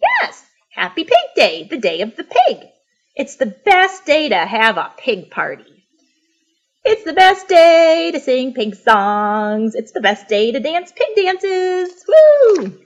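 A squealing, bouncy little pig, as a woman reading a storybook puts her on. The voice sits very high and swoops wildly with delight, and the words come out slow and stretched for young listeners. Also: dull audio, exaggerated voice. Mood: ecstatic. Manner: squealing, bouncy, breathless excitement. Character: excitable cheerful little female pig. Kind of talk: children's picture-book read-aloud.

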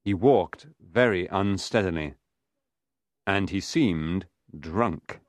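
A man's voice: deep voice, slow pace, dry recording, clean studio sound. A man narrating a graded reader audiobook in a careful reading voice.

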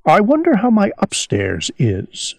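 A man voicing a fretful little male owl in a storybook reading, with high, excited cries that climb as he hurries. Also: measured pace, gravelly, dry recording, full character voice. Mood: wondering.

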